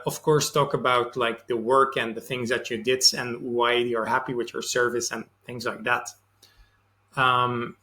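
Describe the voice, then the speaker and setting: A young man hosts a sales and marketing channel, speaking to camera in a casual advice monologue. His mid-range, slightly bright voice delivers loose, conversational tips with frequent fillers.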